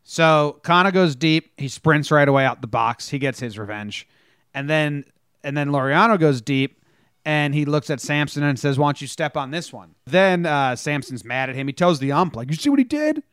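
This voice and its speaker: A man's voice: on the high side, moderate pace, fairly bright tone, smooth, no room sound, studio quality. A man co-hosting a casual sports podcast, telling stories animatedly and acting out players' lines. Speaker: podcast co-host.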